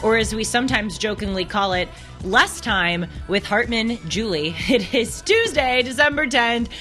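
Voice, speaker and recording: A woman's voice: a little high, lively intonation, unhurried, sharp tone, faint music behind. A woman hosting a live call-in talk show, chatty and playful, laughing often as she talks.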